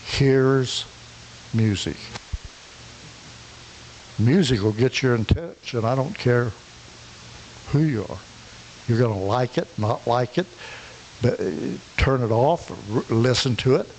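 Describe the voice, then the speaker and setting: A man preaching a sermon, his voice sitting at an ordinary middle pitch. He tells a parable in a storytelling way, voicing the characters and often restarting his words. A faint hiss runs under the recording. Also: expressive, takes it slowly, pauses often, darkish tone, poor audio. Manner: retells a parable, acting out the characters, with frequent restarts.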